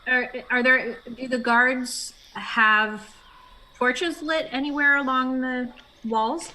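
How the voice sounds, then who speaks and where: A woman playing a tabletop game, asking halting questions. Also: high voice, fairly even intonation, pushed and bright, slight background noise, low-quality recording. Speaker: player. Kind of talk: casual tabletop game chat.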